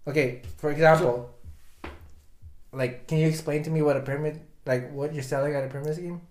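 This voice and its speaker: Brief: young male co-host, lively storyteller, slightly high voice, roomy echoey sound. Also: a little fast. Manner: animated storyteller, swears and laughs often. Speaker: podcast co-host. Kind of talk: casual chat. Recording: echoey room.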